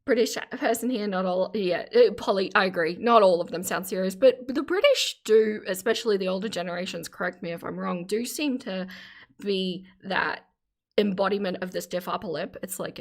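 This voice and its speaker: A woman's voice: medium pitch, moderate pace. A middle-aged Australian woman chatting casually on a live stream, reading out chat comments and laughing often.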